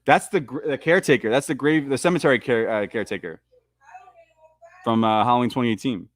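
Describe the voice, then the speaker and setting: A man hosting a live movie commentary, riffing excitedly and swearing as he reacts. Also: mid-range voice, quick pace, dry recording. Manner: excitable, profane fan riffing.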